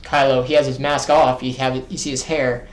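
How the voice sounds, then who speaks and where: A man co-hosting a fan podcast who walks through details in a plain, casual way and often pauses with an um. His voice is at an everyday middle pitch. The recording has a roomy, echoey sound. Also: little pitch movement. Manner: recapping plainly, with frequent ums. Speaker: podcast co-host. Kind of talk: casual chat. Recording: roomy echo.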